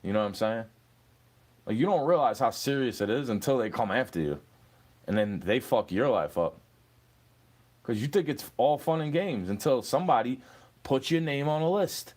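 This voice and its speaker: A young man in an angry, profane rant aimed at an online troll. His pitch swings widely as he lectures and taunts, and he keeps falling back on "bro.". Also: lively intonation, normal speed, pauses often, a little mellow. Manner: profane, confrontational, repeats "bro".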